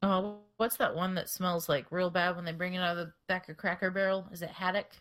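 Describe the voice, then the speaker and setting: A woman's voice: lowish voice, flat delivery, fairly quick, fairly bright tone. A young adult woman co-hosting a podcast at a desk microphone, rambling and laughing as she steers the talk. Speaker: podcast co-host. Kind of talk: casual chat.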